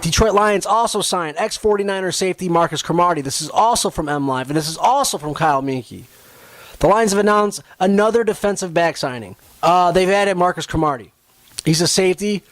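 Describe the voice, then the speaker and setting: A man's voice: on the high side, no room sound. A young man hosting a sports podcast, ranting with swearing and frustration about his team. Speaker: podcast host.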